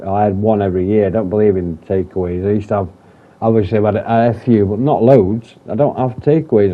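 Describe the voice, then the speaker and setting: A man talking candidly in a personal vlog, rambling, swearing often and restarting his sentences. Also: on the low side. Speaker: vlogger. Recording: dull lo-fi sound.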